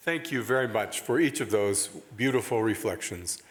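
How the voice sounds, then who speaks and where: A man's voice: fairly low pitch, expressive, moderate pace. A male moderator courteously introduces the next speakers. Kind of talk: session introduction. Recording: distant voice with hall reverb.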